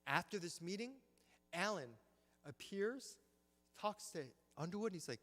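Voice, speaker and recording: A man giving an animated history lecture at a symposium, telling the story with acted-out quotes and frequent check-ins with the audience. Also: sits high, moderate pace, pauses often. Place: church hall. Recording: long reverb of a church hall.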